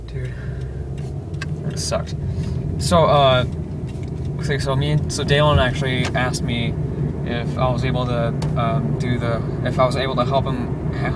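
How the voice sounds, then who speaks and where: A teenage guy vlogging casually from his car, rambling with many restarts and fillers. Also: medium pitch. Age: teens. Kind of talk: casual daily vlog. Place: inside a car. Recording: distant mic with loud car noise.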